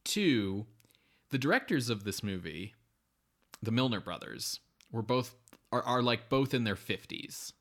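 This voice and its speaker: A man's voice: mid-range voice, very animated, unhurried, fairly bright tone. A man co-hosting a podcast, chatting casually about a bad movie in a rambling, sardonic way full of "like" and fillers. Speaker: podcast co-host. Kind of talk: casual movie review chat.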